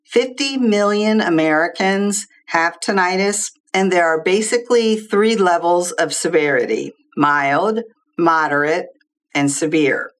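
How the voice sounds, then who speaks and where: A woman who is a social worker, a guest expert giving measured, explanatory interview answers. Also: lowish voice. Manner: measured, explanatory, lists figures clearly.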